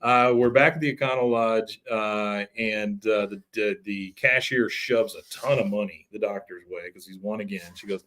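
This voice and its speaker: A man's voice: on the low side, normal speed, hardly any pauses, a bit bright. A man co-hosting a podcast, casually retelling a cartoon episode with loose, rambling storytelling at a live recording. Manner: loose, storytelling, lots of filler. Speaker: podcast co-host.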